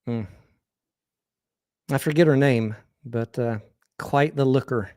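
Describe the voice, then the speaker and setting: A man's voice: mid-range voice, slow, a little mellow, clean tone. A man with an American accent hosting a livestream, telling crude, rambling personal anecdotes in a candid, casual way with frequent restarts. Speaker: host.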